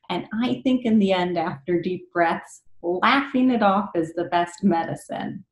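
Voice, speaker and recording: A woman reading a picture book aloud to children, expressive and pausing to ask them questions. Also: on the low side, muffled recording. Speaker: read-aloud storyteller for children. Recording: echoey room.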